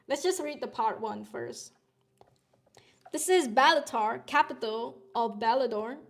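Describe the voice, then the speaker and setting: A woman streamer, a little sick, chatting and swearing casually as she reads through webtoon contest entries out loud. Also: sits high. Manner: chatty, swears freely, thinks aloud while reading panels. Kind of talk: casual live-stream commentary.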